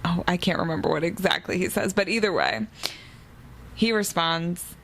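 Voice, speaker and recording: A woman's voice: fairly low pitch, sing-song, normal speed, a bit bright, low-quality recording. A woman co-hosting a casual book podcast, recapping the plot eagerly. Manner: chatty, recapping the plot with enthusiasm. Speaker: podcast co-host.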